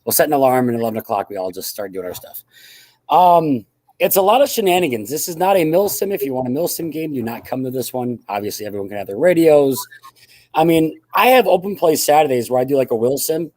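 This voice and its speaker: A man's voice: mid-range voice, darkish tone, no room sound. A man, a guest who owns a playing field, explaining things in an offhand, rambling way on a casual podcast. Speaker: guest, airsoft field owner.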